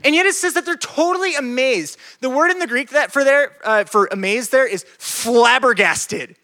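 A man preaching a sermon as pastor, animated, joking and conversational. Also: very high-pitched, normal speed. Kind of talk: sermon to a youth group.

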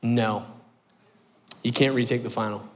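A man voicing a stern female college professor in a flat, firm, measured way while telling a story in an echoey hall. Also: mid-range voice, pitched below the performer's own voice, natural voice. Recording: echoey hall with long reverb.

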